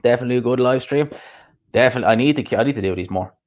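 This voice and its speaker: A man's voice: medium pitch, very fast. A man hosting a boxing channel, rambling casually on a live stream as he answers viewer comments aloud.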